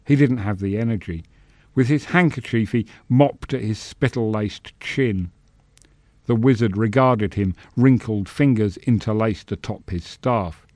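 A man reading a fantasy story aloud in measured, expressive narration. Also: fairly low pitch, no echo. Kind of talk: scripted narration.

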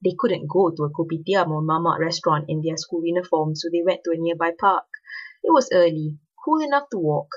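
A woman narrating a story in an expressive, scripted reading. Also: lowish voice, a little fast, slightly rough. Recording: dull lo-fi recording.

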